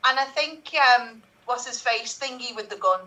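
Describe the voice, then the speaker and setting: A woman on a comedy panel rambles and hedges as she argues. Her voice is bright and a little high, caught from a distance on the mic. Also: normal speed. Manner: rambling, hesitant, full of "like". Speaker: improv panelist.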